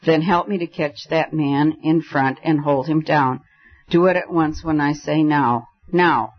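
A man voicing a calm, commanding gentleman who gives orders in a story reading. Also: on the high side, a little slow, dull audio. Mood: urgent.

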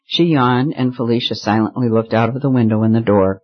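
A man reading a story aloud as audiobook narrator, in an even, measured storytelling manner. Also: medium pitch. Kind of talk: scripted narration. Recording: slightly muffled recording.

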